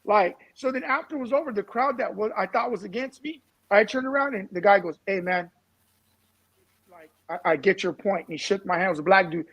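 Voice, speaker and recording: A man on a talk-show panel, telling a story in an animated way. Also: high-pitched, fast talker, few pauses, husky, highs cut off. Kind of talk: casual talk-show discussion.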